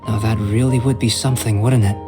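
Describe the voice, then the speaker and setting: A man voicing a calm composed alchemist. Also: lowish voice, natural voice. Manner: measured, gently lecturing. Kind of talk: video game voice acting. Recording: game audio with clear music behind. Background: game music.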